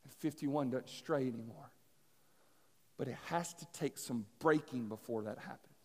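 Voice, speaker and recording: A man preaching a sermon, telling a parable in an animated, dramatic way that swings from loud to hushed. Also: mid-range voice, moderate pace, big-room sound. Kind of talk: sermon storytelling.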